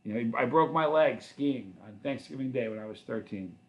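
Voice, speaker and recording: A man's voice: medium pitch, normal speed, highs cut off. A middle-aged man hosting a livestream, answering viewer comments in a loose, rambling, friendly way with many restarts. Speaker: channel host.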